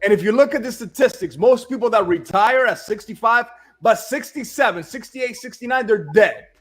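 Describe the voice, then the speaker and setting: Blunt high-voiced man talking business. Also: normal speed, a bit bright. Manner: blunt, emphatic, repeats "all right?" and "dude". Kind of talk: casual business chat.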